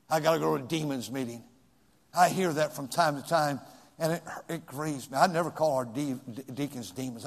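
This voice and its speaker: A man, a pastor preaching a sermon in a church sanctuary. His delivery swings from shouted pleas to hushed, near-whispered prayer. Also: fairly high pitch. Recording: long hall reverb.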